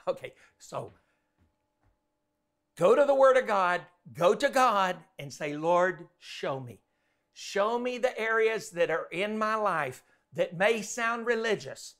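High-voiced, bright, animated preacher. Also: male voice, unhurried. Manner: animated, acts out quotes. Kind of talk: sermon.

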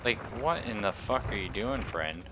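Profane gaming streamer, swearing at the game. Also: male voice, on the low side, expressive, moderate pace, noisy background. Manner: profane, exclaims and mutters at the game. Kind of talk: live gameplay commentary. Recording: game music loud behind voice.

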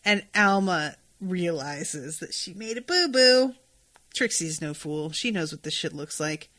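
Bright-voiced woman recapping casually. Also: lowish voice, expressive, a little slow. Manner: chatty, swears freely, reads quoted dialogue aloud. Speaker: podcast host recapping a TV episode.

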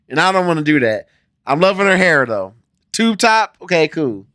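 In his 40s and from Ohio, this American-accented host reacts to a music video in a casual format, jumping from loud remarks to muttered ones. His voice is a little high with big pitch swings at a moderate pace, and the studio-quality recording has no room sound.

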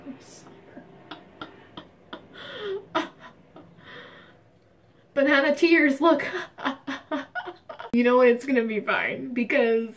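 A young woman in her twenties hosting a mock haul video in a deadpan, mock-earnest way, often dropping to a mutter. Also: fairly high pitch, slow pace, pauses often, recorded from a distance. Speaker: vlogger.

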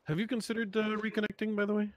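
Deadpan teasing gamer man, dry sound. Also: sits high, rapid-fire, dry recording. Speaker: gaming guest. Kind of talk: casual gameplay chat.

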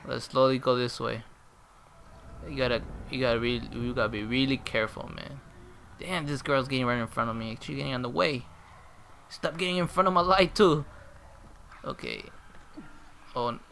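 A man giving excitable live gameplay commentary, reacting aloud and talking to his viewers as he plays. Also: medium pitch, fairly quick, gravelly, pauses often, a little hiss or hum.

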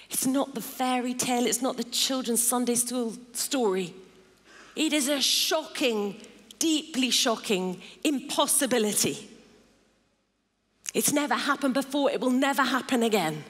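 Middle-aged woman preacher, emphatic sermon delivery, long church reverb. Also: a little high. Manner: emphatic, builds lists of intensifying phrases. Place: large church hall.

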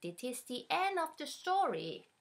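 Slow, lively woman reading a storybook. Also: sits high, a little hiss or hum. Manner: slow, animated and playful, talking to a small child. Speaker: storybook reader. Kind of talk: reading a children's picture book aloud. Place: at home.

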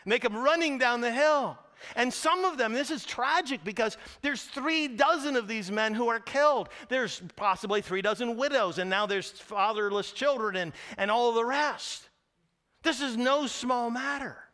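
Animated preacher man, bright clear voice. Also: extremely high pitch, moderate pace. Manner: animated storytelling, acting out screams and cries; drops to hushed tones at solemn points. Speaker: pastor. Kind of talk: sermon.

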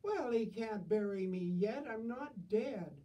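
A woman voicing a deaf, indignant elderly woman who shouts questions. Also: medium pitch, animated, slow, recorded from a distance. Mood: baffled.

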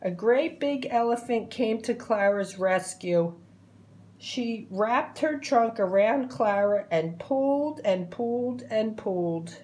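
A woman narrating a children's picture book aloud, clear and expressive. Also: on the high side. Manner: slow, clear, expressive storytelling.

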